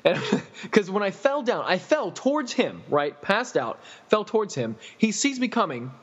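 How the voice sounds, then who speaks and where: A man's voice: high-pitched, normal speed, slightly rough. A man casually retelling a story, swearing and laughing as he acts out the people in it. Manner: laughing, profane, animated retelling. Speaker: podcast storyteller. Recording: dull recording with long reverb.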